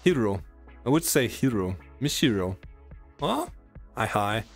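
A man's voice: medium pitch, big pitch swings, measured pace, soft background music. German-accented male streamer, rambling chat. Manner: rambling, teasing, stammering, laughing often. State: strained voice. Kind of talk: casual live-stream chat.

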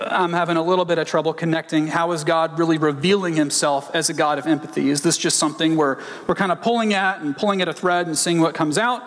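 Man teaching in a reverberant hall. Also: sits high. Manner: reads scripture aloud with Hebrew terms, asks rhetorical questions. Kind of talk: sermon teaching.

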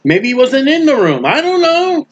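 A man teaching a Bible study sermon in a lively, animated way, playing out the voices of people in the story. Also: extremely high pitch, moderate pace. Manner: animated, acts out bystanders' mocking voices. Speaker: preacher. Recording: dull lo-fi recording.

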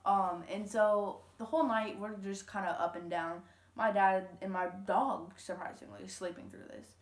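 A woman's voice: mid-range voice, fairly even intonation, moderate pace, reverberant. A teenage girl from Louisiana telling a story to camera at home, rambling casually with lots of fillers and quoted dialogue. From Louisiana, USA. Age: teens. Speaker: vlogger. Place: home room.

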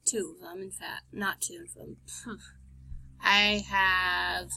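A woman's voice: medium pitch, fairly even intonation, slow, gravelly, bright, forceful tone, poor audio. A woman giving casual gameplay commentary, chatty and self-mocking, often muttering and whispering to herself. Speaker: game let's-player.

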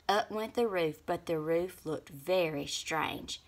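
A woman reading a children's picture book aloud in an expressive way. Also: on the low side, slow pace. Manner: expressive, lively. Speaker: storybook reader.

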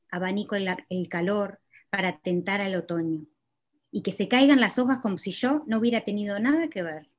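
A woman's voice: medium pitch, a little mellow. Woman poet reading her poems. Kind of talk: poetry reading.

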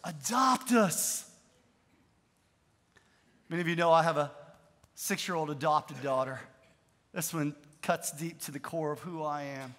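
A middle-aged man preaching a sermon as pastor, moving from relaxed storytelling to emphatic calls and having the congregation repeat lines. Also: a little high, moderate pace, long reverb tail. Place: large church hall.

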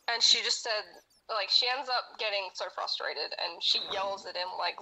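A woman's voice: mid-range voice, normal speed, sharp tone, slight background noise, low-quality recording. A woman co-hosting a podcast, retelling a story in casual chat. She rambles, laughs and swears heavily. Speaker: podcast co-host.

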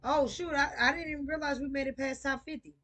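A woman's voice: high voice, steady tone, fairly bright tone. A woman chatting playfully while streaming a shooter game. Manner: playful, sings snippets, slow drawl. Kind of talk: casual live-stream chat while gaming.

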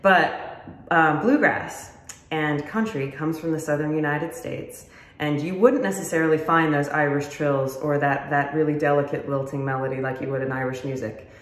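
A woman's voice: sits low, steady tone, moderate pace. A woman fiddle teacher explaining styles in a friendly, casual, self-deprecating way. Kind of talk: casual instructional talk to camera. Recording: roomy echo.

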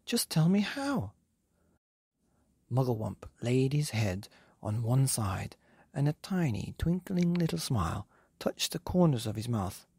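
A man hosting a bedtime story podcast, reading a children's book aloud in a gentle, animated way. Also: medium pitch, a little slow, slightly rough, dry recording.

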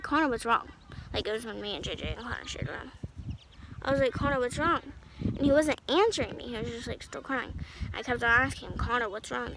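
Teen girl vlogger, high-pitched, chatty and rambling, noticeable background noise. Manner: rambling, many "like" fillers. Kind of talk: casual storytime.

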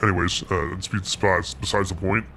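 A young man playing a laid-back slacker God, joking deadpan and rambling while gaming. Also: deep voice, normal speed, noisy background. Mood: casual. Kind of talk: improvised comedy while gaming.

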